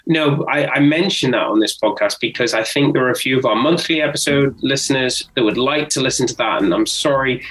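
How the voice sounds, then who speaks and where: A man co-hosting a casual film podcast, animated and jokey, swearing freely. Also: medium pitch, fairly quick, hardly any pauses, low-quality recording. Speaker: podcast co-host.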